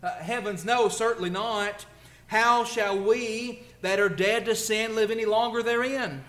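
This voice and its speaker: A man's voice: high voice, fairly even intonation, a little slow, fairly bright tone, reverberant. A male preacher delivering a conversational sermon, asking rhetorical questions and building emphasis. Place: church.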